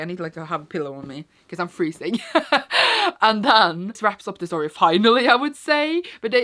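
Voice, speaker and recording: Chatty low-voiced young woman vlogger. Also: a bit bright. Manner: chatty, rambling, many fillers and restarts. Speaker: book vlogger. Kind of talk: casual book wrap-up vlog. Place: cold room at home.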